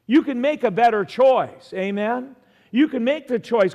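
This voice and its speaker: High-voiced pastor preaching in a reverberant hall. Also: male voice, a little slow, darkish tone, dull audio. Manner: earnest, calls out to the congregation. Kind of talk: sermon.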